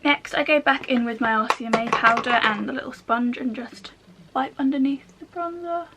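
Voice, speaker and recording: A young woman chatting casually through a makeup tutorial, slangy and relaxed, often dropping into soft half-whispered asides. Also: fairly high pitch, moderate pace, a little hiss or hum. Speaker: beauty vlogger.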